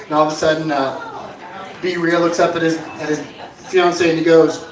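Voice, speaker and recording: A man with a high voice works through a stand-up set of dry one-liners, now and then shouting out a bit. He sounds set back from the mic, and the bar room around him echoes. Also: moderate pace, distant mic. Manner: jokey deadpan one-liners, bursts into shouted bits. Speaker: stand-up comedian. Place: inn bar with live audience.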